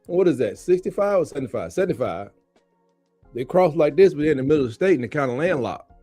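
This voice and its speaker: A man riffs through casual sports chat with a voice that swings high and low as he tells stories and laughs along the way. The sound is dry and close, and faint music runs underneath. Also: fast talker, no echo. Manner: animated storyteller, laughs often, repeats catchphrases. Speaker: sports show co-host.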